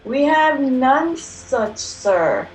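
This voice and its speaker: A man voicing a fussy male street musician in a squeaky falsetto, drawn out and puzzled, during a play read over a video call. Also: sing-song, extremely slow, faint music behind, heavily acted.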